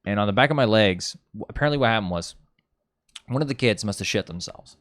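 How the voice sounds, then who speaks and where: A man's voice: on the low side, animated, quick pace, fairly bright tone, no echo, clean studio sound. A young man rambling casually, telling a story with lots of fillers and self-mocking jokes. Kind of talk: casual chat.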